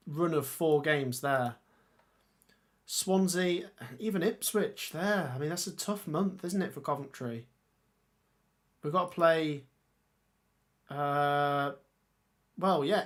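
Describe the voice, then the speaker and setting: A man hosting a casual football livestream, reading viewer comments and reacting with excitable exclamations. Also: on the high side. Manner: chatty, excitable, exclaims often.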